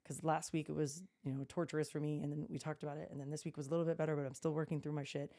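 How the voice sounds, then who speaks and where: A woman co-hosts a casual podcast, drifting into stories with plenty of "um" and "like". Her voice sits a little low and sounds warm and mellow. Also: flat delivery, rapid-fire. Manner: chatty storyteller, frequent fillers and restarts. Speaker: podcast co-host. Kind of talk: casual chat.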